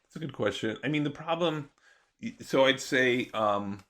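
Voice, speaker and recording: A man's voice: medium pitch, animated, measured pace, a bit bright. A man, a guest economist and professor, explaining his ideas in a thoughtful, conversational podcast interview.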